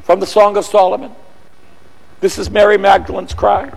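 A man preaching a sermon, emphatic and repetitive, building from quiet phrases to shouted lines. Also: high-pitched, little pitch movement, moderate pace, gravelly. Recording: long echoey hall.

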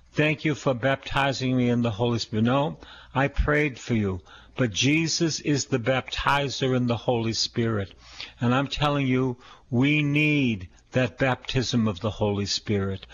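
Emphatic male priest preaching, lo-fi. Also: mid-range voice. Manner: emphatic, repeating phrases and asking the congregation questions. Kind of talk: sermon.

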